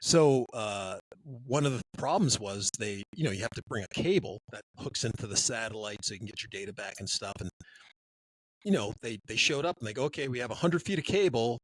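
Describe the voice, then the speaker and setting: A man co-hosting a podcast, telling a long story in a rambling, animated way. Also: on the low side, a little fast, husky, no room sound, rough recording. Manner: rambling, animated, acts out quotes. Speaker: podcast co-host. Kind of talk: casual storytelling.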